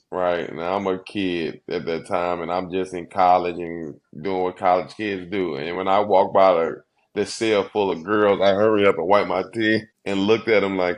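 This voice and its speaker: A man in his thirties with a fairly low voice, recounting his past as an interview guest. He speaks earnestly and from the heart, with quick runs of words broken by slow, weighted phrases. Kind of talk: emotional storytelling interview.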